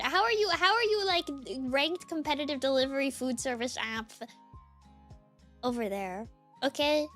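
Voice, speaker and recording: A young woman streaming, chatting casually and excitedly greeting her chat one by one. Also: high voice, normal speed, faint music behind. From United States.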